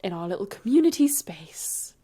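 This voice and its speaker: A woman's voice: mid-range voice, very animated, warm tone, slightly rough. A woman co-hosting a podcast in casual chat, reading out a listener's story. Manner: unhurried, reads listener stories aloud. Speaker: podcast co-host.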